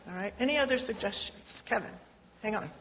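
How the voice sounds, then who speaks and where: A woman speaks casually to a church group, talking chattily and encouraging them to chime in. Her voice sits at an ordinary pitch for a woman. The recording is dull and lo-fi, with a faint hiss underneath. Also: fast talker. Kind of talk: informal talk to a small church group. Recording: dull lo-fi sound with faint noise.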